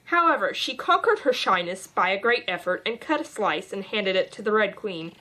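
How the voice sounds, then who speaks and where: A woman's voice: medium pitch, lively intonation, normal speed, sharp tone. A woman narrating an audiobook as a volunteer reader, with occasional stumbles and restarts.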